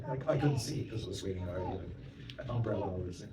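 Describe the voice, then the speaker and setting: A Canadian monk gives a storytelling lecture to an audience in a temple hall, speaking very fast in a lowish voice with lively intonation. He's chatty and anecdotal, sprinkling in "you know" asides and questions to the room. The distant mic picks up the roomy hall and crowd in the background.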